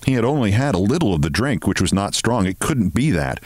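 A man reads a story aloud with a lowish voice that rises and falls expressively. His delivery is measured and dramatic, recorded close and dry. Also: sing-song, no room sound. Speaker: host reading a short story.

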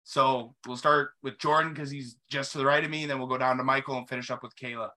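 Bright-voiced male podcast host. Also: medium pitch, steady tone, fast talker. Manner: easygoing, wraps up and hands over turns. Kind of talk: casual podcast chat.

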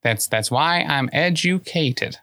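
A player in a tabletop game session talks in character with a bright, forceful tone and a pitch that swings widely. They rationalize earnestly and matter-of-factly, stumbling into fillers and restarts as they go. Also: expressive, slow.

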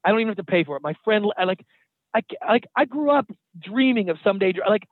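A man with a high voice tells stories in a lively, conversational way and swears casually. He comes through a tinny, phone-like line with a dry, close sound. He talks like a guest in an interview. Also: fast, no echo. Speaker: guest, TV producer and trainer.

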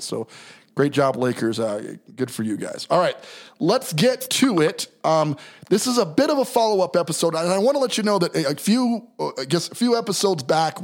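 A man hosting a casual podcast from a downtown studio as a real estate coach, relaxed and joking, often restarting his sentences. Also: fairly high pitch. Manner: laid-back, joking, talks through ideas with restarts.

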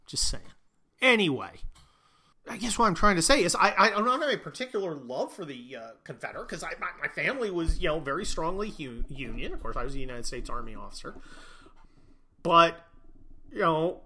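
A man's voice: on the high side, lively intonation, moderate pace, sharp tone, breathy edge. A man hosting a podcast, ranting sarcastically and profanely in a rambling way. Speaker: podcast host. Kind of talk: sarcastic political rant.

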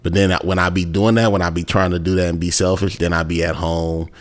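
A man's voice: low voice, fast. A young man, telling stories in casual chat and acting out the voices. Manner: animated storytelling with acted-out voices and laughter.

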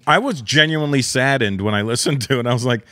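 A man's voice: mid-range voice, fast talker, a bit bright, dry recording. A man hosting a casual chat, joking and swearing freely. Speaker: podcast host, comedian.

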